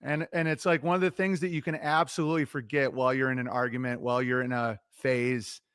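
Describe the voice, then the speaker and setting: A middle-aged man talking loosely on a livestream, giving relationship advice in an animated, profane, self-interrupting ramble. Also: mid-range voice, fast, clean tone, dry recording, clean studio sound. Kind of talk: casual rambling monologue.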